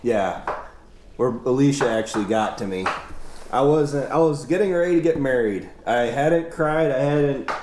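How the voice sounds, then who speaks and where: A man's voice: mid-range voice, normal speed. A young man hosting his farm vlog, chatting in an easygoing, folksy way indoors at a family house. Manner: easygoing, folksy, rambling with restarts. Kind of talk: casual chat. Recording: roomy indoor sound with faint noise.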